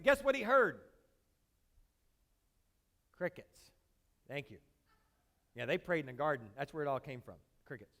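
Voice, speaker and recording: A male pastor preaches a sermon, loudly acting out pleading prayers before dropping low and quiet. He speaks a little slowly and pauses often.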